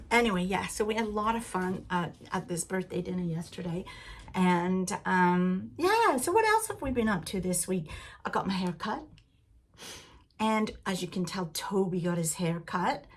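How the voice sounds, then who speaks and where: Husky chatty woman. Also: mid-range voice, moderate pace. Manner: rambling, laughs often, animated asides. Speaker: knitting podcast host. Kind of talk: chatty podcast talk.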